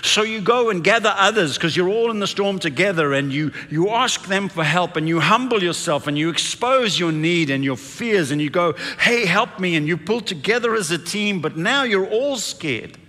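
A man's voice: sits high, animated, moderate pace, few pauses, pushed and bright, long reverb tail. A man preaching a sermon with dramatic build-ups, leading the congregation to repeat lines after him.

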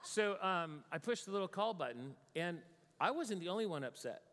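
A man's voice: moderate pace, a little hiss or hum. American man telling a story in a hall. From United States. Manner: animated storytelling, acts out his own panic in a higher voice. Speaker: speaker. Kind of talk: storytelling talk to an audience. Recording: long reverb of a large hall.

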